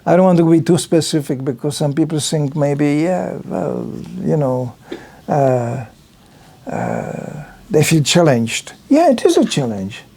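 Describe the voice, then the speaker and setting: A man's voice: a little high, sing-song, a little slow, gravelly, dark tone, breathy edge. Older man telling stories in a talk. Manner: storytelling, acting out other people's lines in changed voices. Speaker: visiting lecturer at a temple. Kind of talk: informal religious talk with anecdotes.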